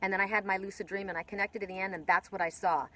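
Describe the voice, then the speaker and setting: A woman's voice: mid-range voice, steady tone, racing, sharp tone, a little hiss or hum, poor audio. A woman giving a casual spiritual oracle card reading, rambling with many restarts and casual swearing.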